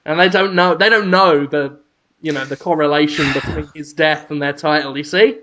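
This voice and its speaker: A man's voice: on the high side, steady tone, moderate pace, bright, forceful tone. A man co-hosting a casual comedic podcast, swearing freely and spinning absurd jokes over a remote mic. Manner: profane, joking, spins absurd scenarios. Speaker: podcast co-host.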